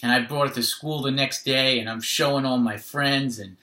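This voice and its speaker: A man's voice: medium pitch, steady tone, moderate pace, pushed and bright, echoey room. A man telling a personal story in an earnest, conversational way, often adding "literally" and "right?".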